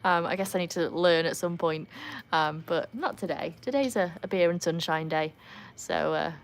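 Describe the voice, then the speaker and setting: A woman's voice: normal speed, slight background noise. Chatty Welsh woman on a live stream. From North Wales. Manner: chatty, laughs often, talks to her dogs in a higher voice. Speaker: livestream host. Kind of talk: casual live-stream chat. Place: outdoors by a backyard pool. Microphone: phone.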